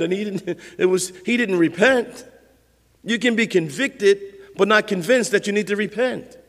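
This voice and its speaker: A man preaching a sermon as pastor, conversational and lively, acting out little scenes for his listeners. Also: sits high, big-room sound.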